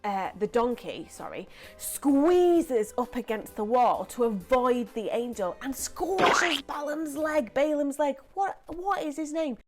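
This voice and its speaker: A young woman presenting a lively children's church story, chatty and animated. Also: sits high, slow, soft background music. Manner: animated, chatty, acts out voices.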